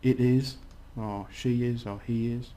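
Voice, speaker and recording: A man's voice: medium pitch, fairly even intonation, a little slow, dark tone. A man giving a casual language lesson, chatty and rambling with many restarts. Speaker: language teacher.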